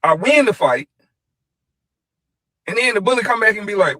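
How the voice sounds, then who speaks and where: A fairly high-voiced man argues his case bluntly. He tells a pointed story in a dry, close recording with no room sound. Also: lively intonation, normal speed, pauses often, sharp tone, no room sound, rough recording.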